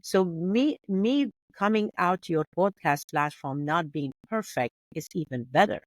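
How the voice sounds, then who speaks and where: A woman's voice: on the low side, lively intonation, measured pace, dry recording. A woman with a Kurdish accent, a native Kurdish speaker, talking as a podcast guest in an earnest way, often restarting and repeating words. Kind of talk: casual interview chat.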